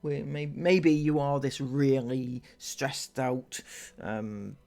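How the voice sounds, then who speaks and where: A man's voice: mid-range voice, takes it slowly, vocal fry, darkish tone. A man hosting a commentary video, speaking sarcastically and mockingly straight to the person in the clip. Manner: mocking, sarcastic, addresses the vlogger directly. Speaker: commentary channel host. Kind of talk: sarcastic commentary over clips.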